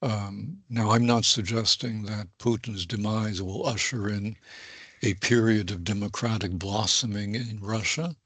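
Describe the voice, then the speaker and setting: An older man, a political science professor, giving a deliberate, carefully hedged spoken analysis in long qualified phrases. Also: lowish voice, steady tone, fairly bright tone, slightly rough, dry recording. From United States.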